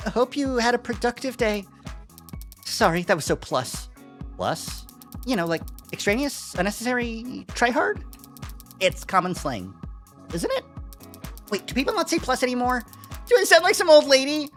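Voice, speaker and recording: A streamer puts on a jittery young coworker who babbles and doubts every word. The voice is pushed high and climbs with each worried question, with faint music behind. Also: sing-song, measured pace, pauses often. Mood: flustered. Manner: anxious, rambling, self-conscious. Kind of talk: reading game dialogue aloud.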